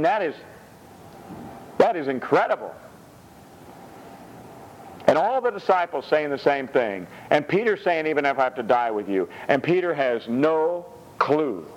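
A male pastor preaching a sermon in an animated way, dropping frequent amens. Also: fairly low pitch, highs cut off, a little hiss or hum. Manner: animated, punctuates with "amen".

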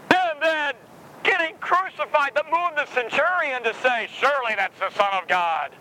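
High-voiced man preaching over traffic noise. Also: bright, forceful tone, low-quality recording. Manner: joking, sarcastic, with rhetorical questions. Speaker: pastor. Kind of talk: sermon.

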